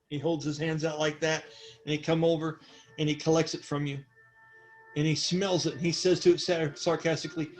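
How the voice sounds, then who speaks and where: A man's voice: on the high side, little pitch movement, a little fast. A man narrating as game master of a tabletop role-playing game, slipping into sarcastic character voices. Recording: faint music behind.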